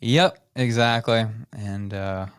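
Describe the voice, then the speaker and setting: A Canadian man co-hosting a podcast, talking politics in a lively, casual way and mimicking other people's voices. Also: lowish voice, takes it slowly, smooth, no room sound, studio quality. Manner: animated, mocks voices of others. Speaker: podcast co-host. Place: studio.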